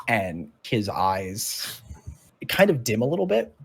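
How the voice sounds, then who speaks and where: A man's voice: on the low side, huge pitch swings, moderate pace, creaky, breathy edge. A man acting as dungeon master, narrating a tabletop game in a casual, rambling way. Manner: casual, rambling with many fillers.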